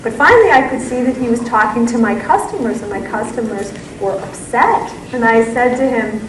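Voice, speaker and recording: A woman's voice: fairly high pitch, lively intonation, fairly quick, recorded from a distance, noisy background, natural voice. A woman voicing a plain-spoken male chicken butcher pleading with homespun common sense. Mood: earnest. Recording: echoey room, voice from afar.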